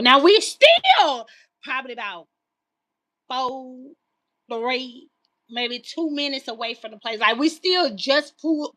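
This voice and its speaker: A woman telling a story to her viewers in a casual livestream, animated and exasperated, acting out both sides of the conversation. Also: high voice. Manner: animated, exasperated retelling with quoted dialogue.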